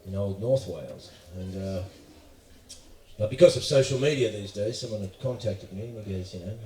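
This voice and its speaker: Profane Australian comedian ranting from a distance. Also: male voice, fairly low pitch, normal speed, warm tone. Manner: profane, ranting storytelling with mimicked voices. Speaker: stand-up comedian. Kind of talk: stand-up routine. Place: live comedy venue. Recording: echoey room, from far off.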